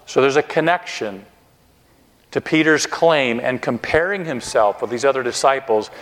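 A man preaching a sermon, earnest and expressive, slowing down and speeding up for emphasis. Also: mid-range voice. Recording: long reverb of a hall.

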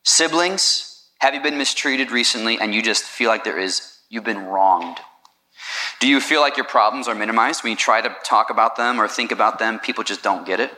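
A man's voice: fairly low pitch, normal speed, bright, forceful tone. A man preaching a sermon in a conversational way, asking the listeners questions. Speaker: pastor.

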